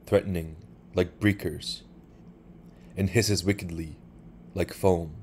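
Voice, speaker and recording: A man reading a short story aloud for sleep, calm and measured. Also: sits low, slight background noise. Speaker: narrator.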